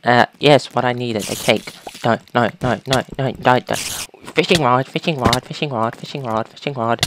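Deep-voiced woman commentating a game. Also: moderate pace, hardly any pauses, a little hiss or hum. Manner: talks to game creatures, sudden panicked shouts. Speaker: gaming YouTuber.

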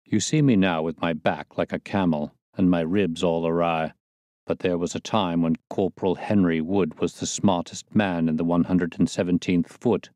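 A man reading a bitter, crippled old ex-soldier, slow and brooding, in an audiobook. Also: low voice, fairly even intonation, darkish tone, no room sound, studio quality, lightly acted.

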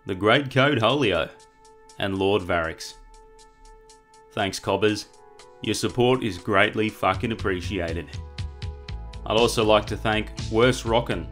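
A man's voice: lowish voice, fairly bright tone. A man with an Australian accent thanking his viewers and patrons in a crude, slang-heavy outro. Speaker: youtuber.

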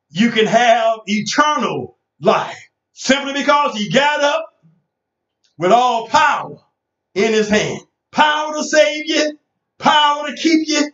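A high, bright-toned man whoops his Easter sermon in a slow, rhythmic sing-song, a breathy "and, uh" between every phrase. He sounds distant in a roomy church, and the recording is dull and lo-fi. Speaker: pastor. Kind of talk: chanted sermon.

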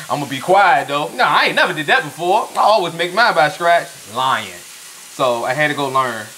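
A man's voice: on the high side, animated, normal speed, sharp tone, slight background noise, poor audio. A man cooking in a contest, telling loose stories and laughing as he talks. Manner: loose storytelling, laughs mid-sentence. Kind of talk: casual chat.

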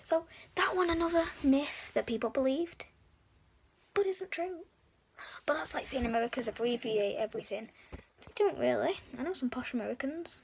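An English woman talking casually to camera as a vlogger, rambling with quick self-deprecating asides. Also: high-pitched, slight background noise. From England.

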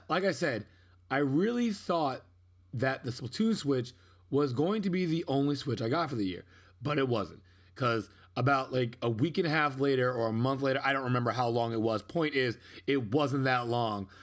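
A young man in a mid-range voice narrates his own unboxing footage in a loose, casual way. He rambles and pokes fun at himself, then breaks into sudden excited outbursts. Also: medium pitch. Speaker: unboxing vlogger. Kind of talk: casual voice-over commentary.

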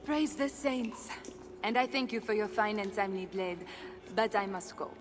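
A woman's voice: medium pitch, moderate pace, noisy background, natural voice. An actress voicing a sly, teasing woman smuggler and bard in video game dialogue. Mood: coy. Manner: playful, evasive, teasing. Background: game music.

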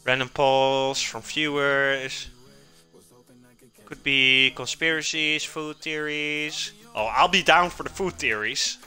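Streamer host: man, bright and sharp-toned, animated, chatting with chat while cooking in a home kitchen, faint music behind. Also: medium pitch, takes it slowly, clear, resonant tone. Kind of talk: casual live-stream chat.

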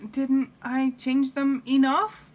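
A woman's voice: sits high, level tone, slow pace, darkish tone, pitched above the performer's own voice. A woman voicing a cheerful, literal-minded housemaid in a storybook read-aloud, chirpy and eager to please. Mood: innocent.

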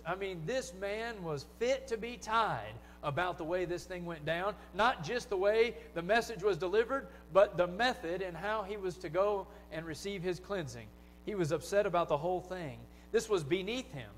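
A man's voice: on the high side, in a large hall, a little hiss or hum. A man preaching a sermon in a conversational way, often asking his listeners rhetorical questions. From United States. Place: church sanctuary.

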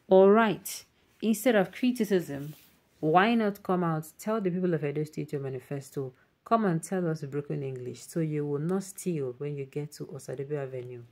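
A woman's voice: low-pitched, a little mellow. A woman with a Nigerian accent hosting an online news show, reading viewer comments aloud and mixing in emphatic Pidgin asides.

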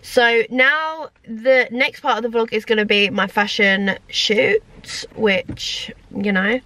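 A young woman vlogger chatting excitedly, first while driving a car and later in a studio. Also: a little high, slow pace. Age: young adult. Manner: excitable, chatty, exclaims a lot. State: out of breath. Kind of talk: casual chat. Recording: noisy car and street background.

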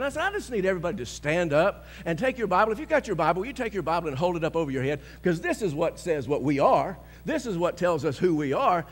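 A male pastor preaching a sermon, telling a story with lots of chuckles and shouting out bold declarations. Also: high voice, big-room sound.

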